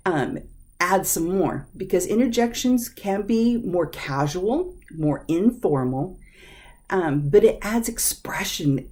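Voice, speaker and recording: Lively woman teaching with a mellow voice. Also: low voice. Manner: acts out interjections with lively, exaggerated emphasis; patient explaining with occasional fillers. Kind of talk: mini lesson on grammar.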